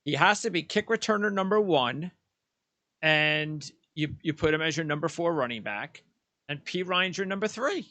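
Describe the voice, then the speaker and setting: A man's voice: a little high, lively intonation, moderate pace, bright, forceful tone, no echo. A man co-hosting a sports talk show, arguing his roster picks in an emphatic, opinionated way with frequent restarts. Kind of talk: casual sports debate.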